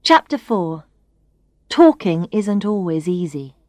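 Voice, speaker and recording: Clear, expressive female narrator for a learners' story; dry studio sound. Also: fairly low pitch, takes it slowly, no room sound. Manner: expressive, clear, first-person reading.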